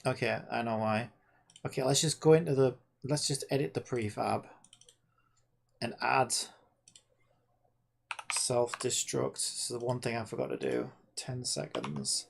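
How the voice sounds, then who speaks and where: A game developer thinking aloud at the keyboard, with a gravelly, creaky edge to the voice. The talk is slow and drawn out, muttered half to themself and peppered with frustrated swearing. It is casual self-talk with no audience in mind. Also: medium pitch, a little hiss or hum.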